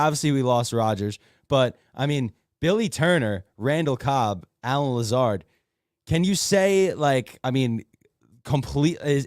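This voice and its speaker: Mid-pitched guy, sarcastic and fed up about his team, dry mic. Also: darkish tone, dry recording. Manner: sarcastic, exasperated venting. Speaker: podcast co-host. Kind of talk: heated sports call-in podcast.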